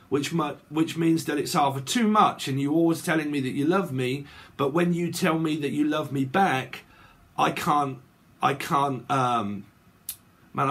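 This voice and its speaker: A man's voice: fairly high pitch, slightly rough. A man giving a casual tarot reading to his viewers, rambling and checking in with "okay" and "right" again and again. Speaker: tarot reader.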